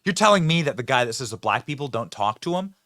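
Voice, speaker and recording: A man's voice: mid-range voice, very animated, fast, very noisy. A man hosting a mocking political commentary video, talking sarcastically and laughing at the clips he shows.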